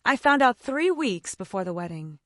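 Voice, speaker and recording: A woman's voice: fairly high pitch, sing-song, normal speed, fairly bright tone, no echo. Woman doing a sorry young friend, earnest, voice bouncing around, dry sound. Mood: apologetic.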